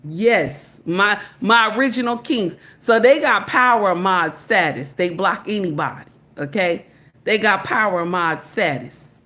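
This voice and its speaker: A woman's voice: mid-range voice, unhurried, a bit bright. This is a woman running a casual live-stream commentary, speaking straight to her chat. She talks emphatically, drawing words out and circling back to the same phrases, stopping to greet viewers by name. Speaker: livestream commentator.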